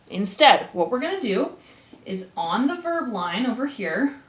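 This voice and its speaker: A woman's voice: fairly high pitch, sing-song, measured pace. A woman teacher giving a casual grammar lesson, chatty and playful, with asides to her students. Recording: echoey room.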